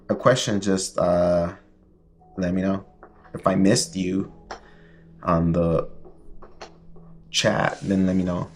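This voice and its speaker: Low-voiced male tarot reader on a casual livestream, rambling and chatty, with a faint hiss behind him. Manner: rambling, filler-heavy, chatty.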